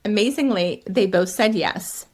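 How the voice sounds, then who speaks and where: A middle-aged woman, a comedian, telling stories as a guest in an interview, lively and quick to laugh. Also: mid-range voice. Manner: lively, laughs often, acts out quotes. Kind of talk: storytelling in an interview.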